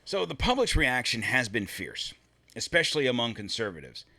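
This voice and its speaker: A man's voice: medium pitch, very animated, normal speed, pushed and bright. A man hosting a solo political commentary show, reading from his script and breaking off to mutter and swear in frustration.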